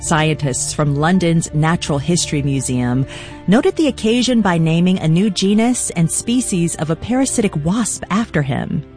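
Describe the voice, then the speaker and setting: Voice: medium pitch, expressive, normal speed, a little mellow. Radio host announcing over faint music. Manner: clear and announcer-like. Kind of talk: scripted radio hosting.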